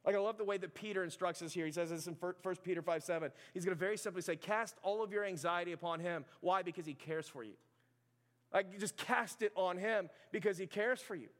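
A man's voice: high voice, quick pace, in a large hall. A man preaching a sermon to his church in an easy, conversational way, full of "like" and "right". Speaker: pastor.

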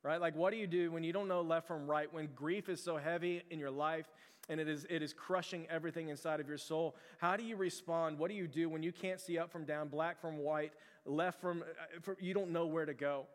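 A man's voice: on the high side, fairly even intonation, fairly quick. Man, pastor, earnest conversational sermon, fillers and restarts, long hall reverb. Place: church sanctuary.

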